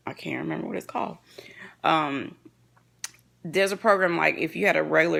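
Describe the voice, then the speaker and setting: A woman from Mississippi chatting on a home vlog. Her voice has a creaky, gravelly texture, and she rambles, stopping often to search for the right word. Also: low-pitched. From Mississippi, USA. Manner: rambling, searches for words, many fillers. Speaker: channel co-host, wife. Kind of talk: casual vlog chat.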